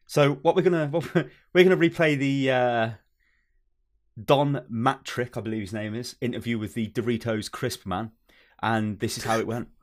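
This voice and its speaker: A man's voice: mid-range voice, steady tone, normal speed. A man hosting a casual gaming chat show, joking and swearing as he talks. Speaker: host.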